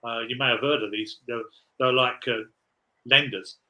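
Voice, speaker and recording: A man's voice: mid-range voice, steady tone, normal speed, pushed and bright, rough recording. A man in his forties, a podcast guest, telling rambling, laughing anecdotes in casual chat.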